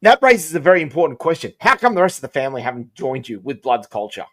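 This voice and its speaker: A man's voice: a little high, big pitch swings, fast, fairly bright tone. A man interviewing a podcast guest in casual chat, playfully egging him on.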